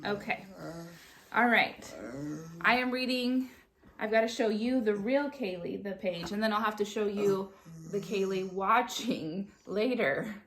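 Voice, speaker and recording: A woman's voice: mid-range voice, measured pace, a bit bright, slight background noise. A woman hosting a book club, reading a storybook aloud to a child with chatty, playful asides.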